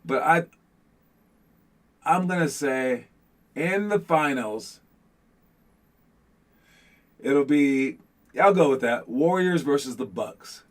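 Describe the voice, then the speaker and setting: A man's voice: fairly high pitch, lively intonation, slow pace, pauses often. A man hosting a basketball show, chatting casually to his viewers with lots of restarts and fillers. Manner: rambling, many restarts and fillers, addresses the audience as guys.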